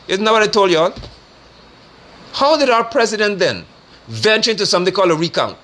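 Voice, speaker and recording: Man, preacher-style political commentator, bright high voice, scornful and forceful delivery. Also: animated, a little fast. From Guyana. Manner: forceful, scornful, rising to sermon-like declarations.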